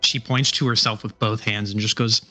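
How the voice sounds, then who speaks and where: A man's voice: lowish voice, steady tone, a little fast, sharp tone, soft background music. A man narrating as game master in a tabletop game, describing the scene in a matter-of-fact way.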